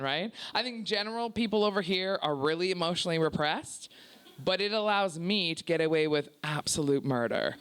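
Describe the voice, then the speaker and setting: A loud, brash Canadian woman performs a profane stand-up set, teasing the crowd at a work-in-progress preview in a small comedy club with a live audience. Her medium-pitched voice is expressive and brisk.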